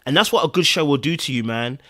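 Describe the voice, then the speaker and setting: A man hosting a podcast, giving emotional, animated commentary on a TV episode, sighing and swinging between loud bursts and quiet murmurs. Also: on the high side, quick pace. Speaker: podcast host reviewing a TV episode.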